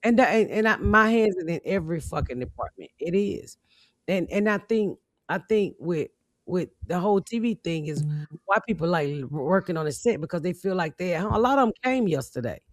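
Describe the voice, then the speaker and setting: A middle-aged woman hosting a comedy podcast, telling stories in a brash, profane, animated way. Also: fairly low pitch, a little fast, dry recording, studio quality. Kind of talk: loud storytelling chat.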